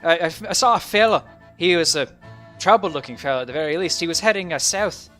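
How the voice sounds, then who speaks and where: A man voicing a chatty, fussy male halfling merchant who talks high and excitable with small stammers. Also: fast, faint music behind, lightly acted. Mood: helpful.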